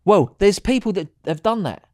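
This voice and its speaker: A man's voice: high voice, expressive, normal speed, darkish tone, dry recording, studio quality. A man co-hosting a podcast in chatty, rambling banter, swearing freely. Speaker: podcast co-host. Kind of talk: casual chat.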